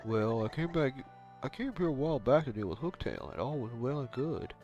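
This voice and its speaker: A man voicing a gruff, folksy older male turtle father in a deeper, nasally voice while reading game dialogue aloud. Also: big pitch swings, fairly quick, a little mellow, highs cut off, soft background music.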